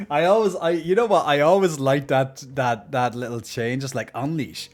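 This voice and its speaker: A man's voice: fairly high pitch, huge pitch swings, unhurried, faint music behind. A man streaming live and chatting casually, joking a lot, laughing often and restarting his sentences.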